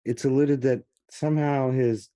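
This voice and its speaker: A man's voice: medium pitch, steady tone, moderate pace, warm tone. A man co-hosting a podcast late at night, tired, mostly answering briefly and laughing along. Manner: brief replies and backchannel laughs. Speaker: podcast co-host. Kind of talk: casual late-night chat.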